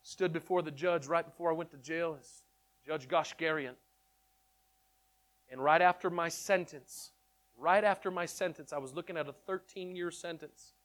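A man telling his testimony in an animated storytelling way, excitable and repeating words in quick bursts. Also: on the high side. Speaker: speaker sharing his testimony.

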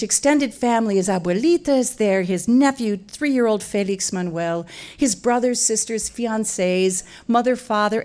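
Animated Midwestern woman telling a comic story. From Wisconsin, USA. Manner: animated, self-mocking, jumps into loud high quoted voices.

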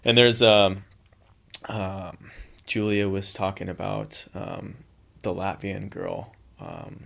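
A young man from Southern California, a guest on an interview, recounting events in a relaxed, easygoing way. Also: deep voice, slow, creaky. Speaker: beach volleyball player and coach, guest. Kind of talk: casual interview storytelling.

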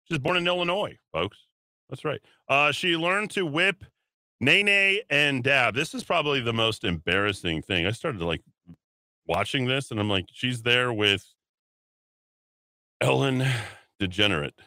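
Male talk radio host, sarcastic and mocking, sharp tense voice, dry close sound. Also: medium pitch, expressive, a little slow, long pauses, dry recording. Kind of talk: opinionated political talk radio.

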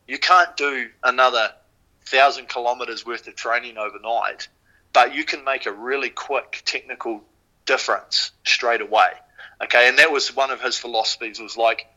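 A man with a New Zealand accent, a podcast guest and former rower, telling stories casually in an animated way, swearing freely and using lots of fillers. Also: mid-range voice, moderate pace, rough recording. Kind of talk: casual storytelling.

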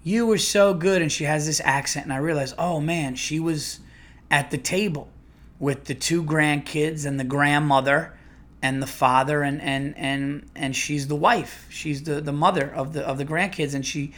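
Middle-aged male comedian, casual podcast storytelling, slightly higher pitch, lively restarts. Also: normal speed. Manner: rambling, animated, with restarts and acted-out quotes.

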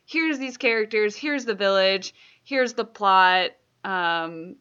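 A woman's voice: medium pitch, slow, sharp tone, smooth, muffled recording. A woman co-hosting a casual podcast chat, talking freely with frequent laughs and fillers. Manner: chatty, laughs often, many fillers. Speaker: podcast co-host.

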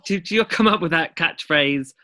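A man's voice: a little high, normal speed, sharp tone. A man, hosting a casual chat and laughing often. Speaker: host.

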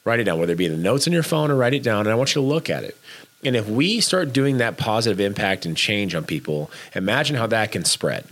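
A man's voice: fairly low pitch, expressive, fast talker, fairly bright tone. A man co-hosting a casual chat, urging listeners to be kind, talking emphatically and bluntly with frequent restarts.

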